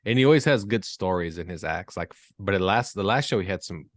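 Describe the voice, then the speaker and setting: Low-voiced guy hosting a nerdy podcast, loose and jokey, dry close mic. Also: expressive, quick pace, no echo. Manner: loose, joking, laughs easily. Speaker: podcast host. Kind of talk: casual chat.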